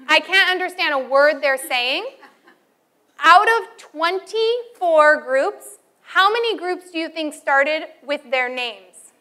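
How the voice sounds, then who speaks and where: Bright, high-voiced woman teacher. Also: a little slow. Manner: animated storytelling, acts out students and calls. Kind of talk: teacher training talk.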